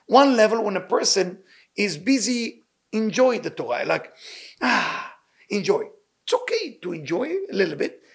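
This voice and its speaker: Male Torah teacher, higher register, husky, earnest, broken English. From Libyan Sephardic family. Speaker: rabbi teaching weekly Torah portion. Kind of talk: informal Torah lesson.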